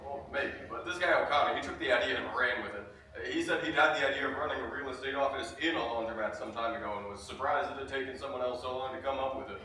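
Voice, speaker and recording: A man's voice: medium pitch, sharp tone, close to an everyday voice. An actor playing a businessman who reports matter-of-factly on a property deal. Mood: businesslike. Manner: brisk, matter-of-fact, with "uh" fillers. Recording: distant echoey room.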